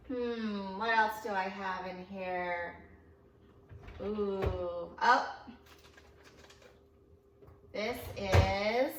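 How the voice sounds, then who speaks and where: A young woman teaching young children phonics in a playful, animated sing-along lesson, singing short song lines between sounds. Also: medium pitch, very slow, pauses often, background noise.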